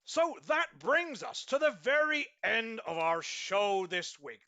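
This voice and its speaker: Pompous guy playing a business guru, high bright voice that swoops all over. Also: very animated, a little slow. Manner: pompous, mock-serious guru tone with frequent ums. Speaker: host of a mock business advice show. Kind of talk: deadpan satirical advice show.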